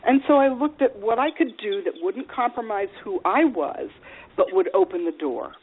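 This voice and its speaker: A woman guest on a radio interview, heard through a thin, phone-like line at a middle pitch. She tells personal stories frankly and with animation, and her speech is full of ums and you-knows. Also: moderate pace, slightly rough. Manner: frank and animated, with many fillers. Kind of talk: candid personal storytelling.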